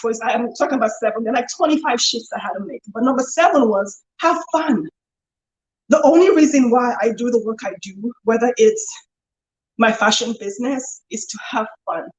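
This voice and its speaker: A middle-aged woman, a business coach, talking candidly and with animation straight to camera, acting out the voices of people she quotes. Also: on the high side. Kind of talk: casual talk to camera. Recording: echoey room.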